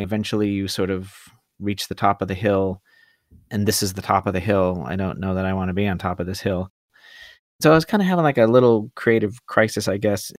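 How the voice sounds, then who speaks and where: A man telling the story of his career in a relaxed interview, rambling and self-deprecating, with hesitant restarts. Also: fairly low pitch, no room sound, studio quality. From California. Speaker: guest food photographer.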